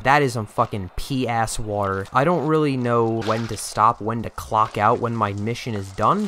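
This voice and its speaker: A man's voice: mid-range voice, background noise. A man giving profane, exasperated running commentary while playing a game, joking and scolding his character. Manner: jokey, talks to the game character. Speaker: gaming channel host. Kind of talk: gameplay commentary.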